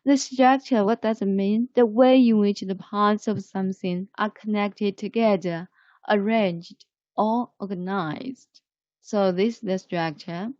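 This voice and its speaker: Woman, English teacher, online class, slow deliberate explaining, repeats words, dry muffled audio. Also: medium pitch, steady tone, a little mellow, no echo. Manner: slow, repetitive, explains word by word.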